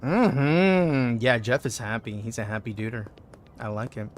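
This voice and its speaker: A man streaming a game, chatting playfully with the characters in casual commentary and breaking into loud bursts of excitement. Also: medium pitch, unhurried, slight background noise.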